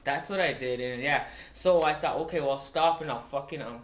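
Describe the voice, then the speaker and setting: A man, a wildland firefighter from Montana, telling a story in a casual, profane way, halting and restarting often. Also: mid-range voice. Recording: roomy echoey recording.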